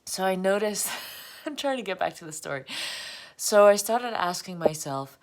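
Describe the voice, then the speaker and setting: A woman's voice: mid-range voice, animated, normal speed. A woman vlogging a rambling, emotional confessional monologue, laughing often as she talks. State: emotional, close to tears.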